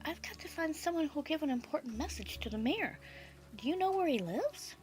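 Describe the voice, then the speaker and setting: A gentle, brave alligator speaks in a lifted, earnest voice, as a woman storyteller plays him. He is polite and sincere. Music plays softly under the storybook reading. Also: high-pitched, big pitch swings, a little fast, voice pushed up.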